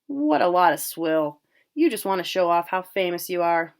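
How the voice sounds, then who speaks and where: A woman's voice: fairly low pitch, expressive, normal speed. A woman voicing a stubborn young farm boy who scolds and nags his older brother. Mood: nagging.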